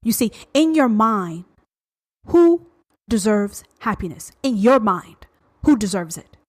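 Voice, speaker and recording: A woman hosting a podcast, talking straight at the listener in a blunt, confrontational, heavily profane monologue, slowing down to stretch out the words she wants to land. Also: medium pitch, expressive. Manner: slows to drawn-out emphasis on key words. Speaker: podcast host.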